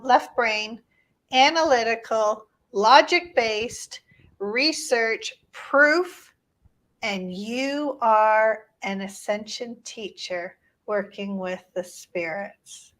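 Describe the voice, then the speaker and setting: A woman hosts an interview, summing up her guest's points and prodding for more with curious questions. Her voice sits a bit high, and she talks at an unhurried pace. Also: expressive, a bit bright. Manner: curious, sums up and prods for more. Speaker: podcast host. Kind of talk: interview conversation.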